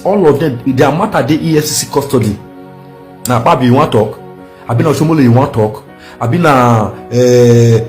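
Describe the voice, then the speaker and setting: A man's voice: medium pitch, darkish tone. A man speaking Nigerian Pidgin, making a defiant political protest speech with repeated warnings.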